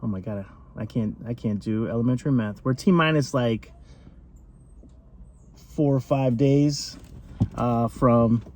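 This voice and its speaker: A man's voice: medium pitch, steady tone, slow pace, long pauses, darkish tone, a little hiss or hum. A man talking through a casual food review vlog, chatty and rambling, with lots of fillers.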